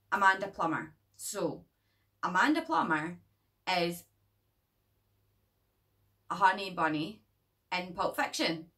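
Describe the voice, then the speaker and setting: A woman's voice: fairly low pitch, a bit bright, distant mic. A young woman who reviews horror films in a casual vlog, chatty and rambling, swearing freely and joking along the way.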